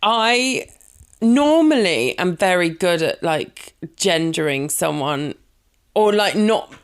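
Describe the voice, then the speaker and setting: A British woman comedian talking casually on a podcast, fond of laughing at her own stories. Her voice sits a little low for a woman. She is self-deprecating and chatty. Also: animated, slow. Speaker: comedian guest.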